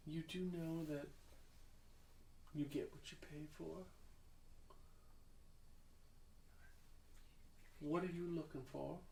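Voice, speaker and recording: A man's voice: fairly high pitch, steady tone, vocal fry, darkish tone. A man putting on a haughty Southern shopkeeper woman. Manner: stammering, halting. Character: haughty female cosmetics seller with a put-on Southern drawl. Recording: echoey room from far off, faint noise.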